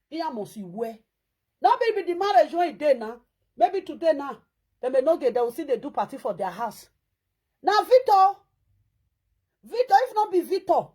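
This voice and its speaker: Nigerian lady with a high voice ranting on a live vid, lots of repeating herself. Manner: animated, lecturing, repeats points for emphasis. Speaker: social media commentator. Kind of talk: casual live-video commentary.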